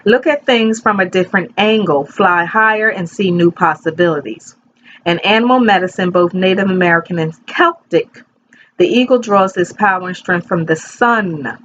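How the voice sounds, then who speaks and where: A woman's voice: lowish voice, normal speed, fairly bright tone, muffled recording, a little hiss or hum. A woman in her fifties doing a casual tarot reading from her bedroom, chatty and rambling, talking straight to her viewers. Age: 50s. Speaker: tarot reader. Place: bedroom at home.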